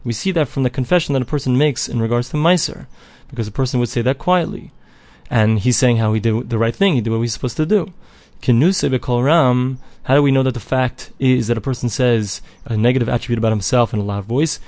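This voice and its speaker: A man of middle pitch teaches a classical text. He reads each phrase with an Ashkenazi Hebrew pronunciation and then explains it in plain English. The recording is dry, with no room around the voice. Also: fast, darkish tone, no echo. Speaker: Talmud teacher. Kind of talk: reading and translating a text line by line.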